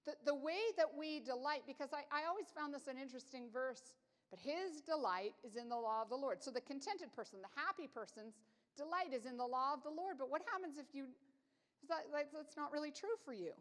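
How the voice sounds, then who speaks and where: A woman in her forties, a Bible teacher, gives a conversational sermon in a high-pitched, slightly bright voice, talking a little fast. She tells stories in a chatty, self-deprecating style, and the recording has long hall reverb.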